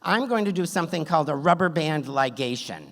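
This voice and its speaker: A man voicing a gentle, cheerful male doctor who talks brisk and matter-of-fact. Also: fairly high pitch, expressive. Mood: breezy. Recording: long hall reverb, on stage.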